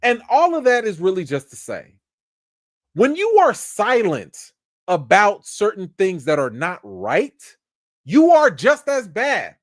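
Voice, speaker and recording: A man's voice: high-pitched, huge pitch swings, slow. A man hosting a livestream of entertainment news, with emphatic, scolding commentary. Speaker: livestream host.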